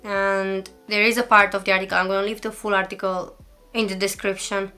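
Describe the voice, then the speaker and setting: A woman's voice: medium pitch, little pitch movement, a little fast, bright, forceful tone, smooth. A young woman from Eastern Europe talking earnestly and defensively in a commentary vlog, close to tears at times. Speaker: YouTuber.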